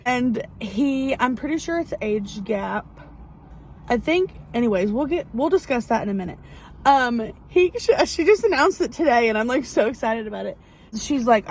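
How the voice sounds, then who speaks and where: A woman's voice: fairly high pitch, moderate pace, a little mellow, a little hiss or hum, low-quality recording. Gushing woman reviewing a book. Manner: gushing, rambling, lots of fillers. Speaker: book vlogger. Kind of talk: casual book review chat. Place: outdoors near a parking lot.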